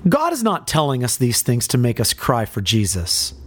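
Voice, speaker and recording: A man's voice: mid-range voice, huge pitch swings, moderate pace, fairly bright tone. A male preacher giving a dramatic sermon, asking rhetorical questions and speaking directly to his listeners.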